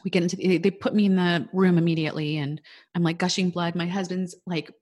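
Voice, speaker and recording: A woman in her thirties telling her fertility story in a casual chat, animated and quick to quote what people said. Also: fairly low pitch.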